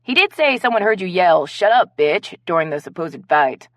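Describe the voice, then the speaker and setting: A woman doing a loud, indignant friend. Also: fairly low pitch, big pitch swings, normal speed, no room sound, clean studio sound. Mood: explaining. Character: heated, outspoken woman friend on the phone.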